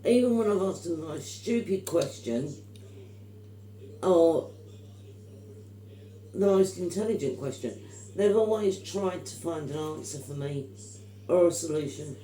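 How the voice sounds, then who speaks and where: A woman's voice: lowish voice, lively intonation, a little slow, pauses often, warm tone, echoey room, slight background noise, poor audio. A middle-aged woman, telling stories in casual chat, emphatic and opinionated. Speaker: vlogger.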